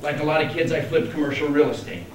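Speaking fast and expressively in a slightly high voice, a forties-aged man from Denver, Colorado jokes his way through a self-deprecating keynote story. The large conference hall echoes, the mic is distant, and faint noise lingers.

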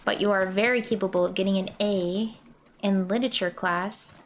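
A woman's voice: medium pitch, fairly even intonation, moderate pace. A young woman streamer joking and chatting casually over a game. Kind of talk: casual gaming commentary. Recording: stream mic under game noise.

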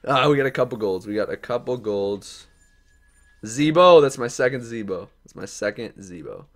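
A young man live-streams commentary as he opens game card packs, pumped up and talking straight to the player cards. His medium-pitched, animated voice moves at normal speed, sinking to mutters and then bursting into yells.

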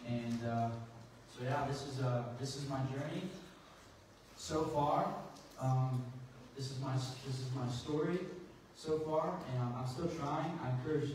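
A man's voice: mid-range voice, a little slow, darkish tone. A man giving an informal church testimony to an audience, rambling and chatty with lots of fillers and restarts. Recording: echoey hall, distant mic, faint hiss.

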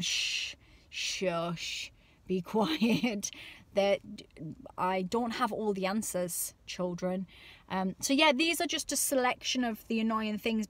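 On a dry recording, a parenting vlogger in her thirties uses her mid-range voice to chat to camera in an exasperated, comic way, acting out little voices as she goes.

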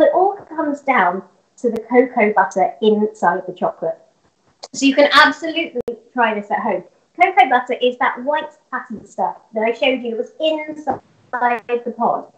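A woman presenting an upbeat home science demonstration, explaining step by step with casual fillers. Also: high-pitched. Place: home kitchen. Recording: roomy, dull home recording.

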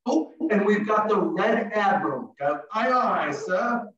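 Guy with a high voice doing a singsong kids' story game, sounds far off and dull over a call. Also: lively intonation, a little slow, a bit bright. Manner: playful, singsong and encouraging, leading call-and-response. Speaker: early childhood educator presenting an online class. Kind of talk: demonstrating a story activity for young children. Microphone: video call. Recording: echoey, distant, dull video-call audio.

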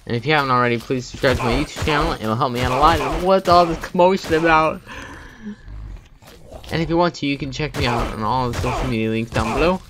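A man giving let's play commentary, muttering and humming to himself as he plays, with sudden loud excited outbursts. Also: mid-range voice, rapid-fire, hardly any pauses, background noise. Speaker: gaming video host.

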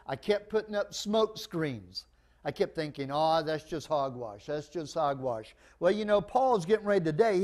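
Male pastor, high-voiced, animated storyteller mid-sermon in church. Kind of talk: sermon with humorous stories.

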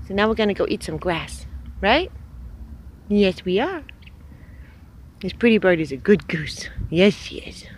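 A woman's voice: mid-range voice, lively intonation, a little slow, pauses often, slight background noise. A woman filming her pet goose, coaxing and praising it in doting, singsong baby talk. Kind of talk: casual home video, baby talk to a pet.

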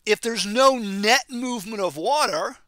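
Bright, high-voiced male biology teacher. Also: a little slow, no room sound. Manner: conversational, checks in with "okay?" and "right?"; playful, uses memory tricks. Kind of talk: recorded lecture.

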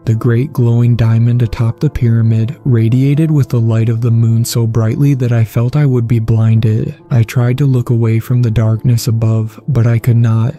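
Man with a very dark, flat voice. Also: mid-range voice, normal speed, few pauses, faint music behind. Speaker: narrator. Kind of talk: scripted horror story narration.

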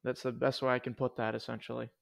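A man's voice: mid-range voice, little pitch movement, quick pace, vocal fry. Young man, podcast co-host, casual chat, joking, slangy. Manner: laid-back, joking, slangy.

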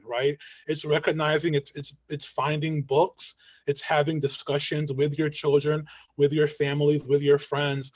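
A man giving an online lecture as a community educator, earnest and talking in long chains of points, often checking in with a quick "right?", his voice getting worn. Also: fairly high pitch, no echo. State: losing his voice. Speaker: community educator and guest speaker. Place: at home on a video call. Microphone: video call mic.

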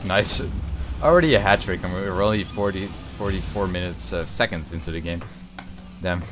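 A young man commentating his own gameplay, excitable and foul-mouthed, shouting at big plays and griping about teammates. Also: low voice, brisk, noisy background. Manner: excitable, swears often, yells at big plays. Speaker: gaming YouTuber.

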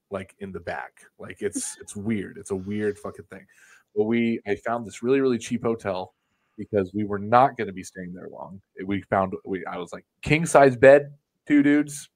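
A man telling a story on a podcast as a guest, animated and swearing freely. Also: lowish voice. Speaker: wrestling videographer guest.

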